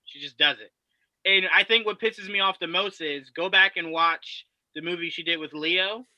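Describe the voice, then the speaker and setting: A man's voice: sits high, fairly even intonation, normal speed, bright, forceful tone, no room sound, rough recording. A man on a podcast panel in casual chat, opinionated and emphatic.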